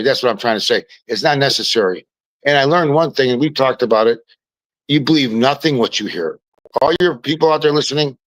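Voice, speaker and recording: A man, a podcast guest telling stories in casual chat, animated and often restarting his words. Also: medium pitch, no echo, rough recording.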